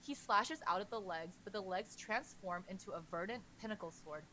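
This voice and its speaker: A woman's voice: medium pitch, normal speed, sharp tone. A woman with a mid-range voice recaps a story for a podcast in a chatty, conversational way. She narrates plainly, with a faint hum of noise behind her. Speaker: podcast co-host.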